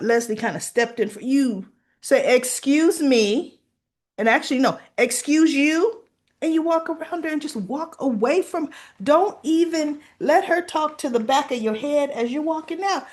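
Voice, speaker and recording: A woman giving a casual spoken recap of a soap episode, acting out the characters' lines and talking straight to her viewers. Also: fairly high pitch. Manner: animated, acts out quoted lines, talks to viewers. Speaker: soap opera recap vlogger.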